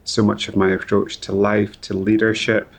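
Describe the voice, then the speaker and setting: A man, talking haltingly about grief as an interview guest, often repeating words. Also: on the low side, flat delivery, creaky. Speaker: guest, company founder. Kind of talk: emotional interview conversation.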